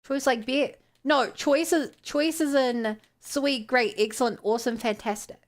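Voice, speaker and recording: A young woman with a New Zealand accent chats casually with her stream audience and reads their chat aloud. Her voice sits high and steady at a measured pace, and she's playful, laughing and exclaiming in disbelief.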